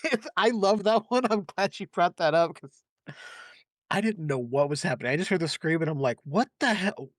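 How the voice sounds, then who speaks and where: A man's voice: on the high side, fairly quick, dry recording, clean studio sound. A man on a podcast retelling movie scenes in a casual chat, acting out quotes and laughing often. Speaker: podcast host.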